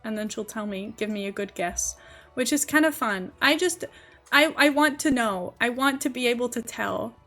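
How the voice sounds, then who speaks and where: A woman's voice: fairly high pitch, moderate pace, a bit bright, soft background music. A young woman with a posh English accent, chatting casually and giggling as she streams a game. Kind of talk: casual live-stream chat while gaming.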